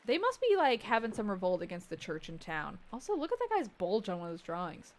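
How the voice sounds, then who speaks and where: A woman streaming a game, reading its dialogue aloud and breaking off into joking asides and soft muttered remarks. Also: mid-range voice, wildly swooping pitch, quick pace. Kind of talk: let's-play commentary.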